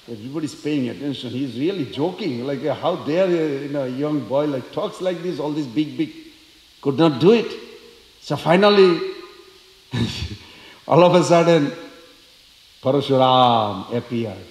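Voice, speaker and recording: A man giving a storytelling lecture at a temple, acting out the voices of the characters with lively energy. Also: on the high side, measured pace, pauses often. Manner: animated, acts out quoted characters. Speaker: temple speaker. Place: temple hall. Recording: echoey temple hall.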